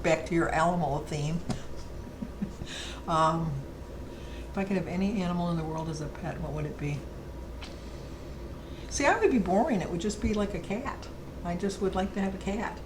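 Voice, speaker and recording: A woman's voice: lowish voice, animated, moderate pace, pauses often, noisy background. A middle-aged woman vlogger chatting casually and rambling fondly through a list of questions. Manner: chatty, rambling, fond storytelling. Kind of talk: casual chat.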